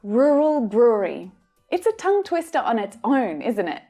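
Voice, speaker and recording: A woman with an Australian accent teaching English pronunciation, modelling each sound slowly and carefully. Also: fairly high pitch, very animated, warm tone, slightly rough, faint music behind. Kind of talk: pronunciation lesson.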